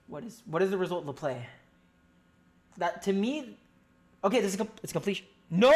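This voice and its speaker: In a brisk, medium-pitched voice broken by long pauses, a fan streams their own play-by-play of a game. They swear often and swing between loud, pleading outbursts and muttered commentary.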